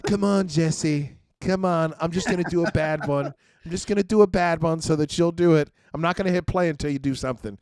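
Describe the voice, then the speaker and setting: A man hosting a casual pop-culture podcast, excitable, often restarting his sentences. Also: a little high, brisk, hardly any pauses, clear, resonant tone, no room sound, clean studio sound. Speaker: podcast host. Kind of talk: casual chat.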